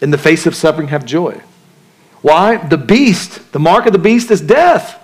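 A male pastor's slightly high, animated voice carries his sermon at a normal pace. Talking conversationally, he asks the congregation questions and acts out the voices in their heads.

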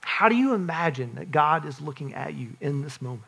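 A man's voice: on the high side, lively intonation, brisk, creaky, fairly bright tone, slightly rough. A man in his forties, a pastor, preaching an earnest, conversational sermon with frequent restarts and asides.

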